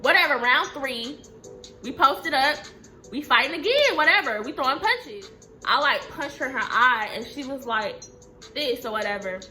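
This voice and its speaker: A young woman telling a storytime vlog in a blunt, profane, animated way. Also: sits high, moderate pace, soft background music. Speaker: vlogger.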